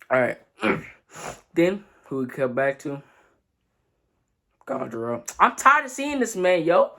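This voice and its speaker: A young man giving a casual, slangy review of a manga chapter. He sounds sleepy and talks excitably, now and then bursting into loud outcries. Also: fairly high pitch, measured pace, long pauses. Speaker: anime reviewer.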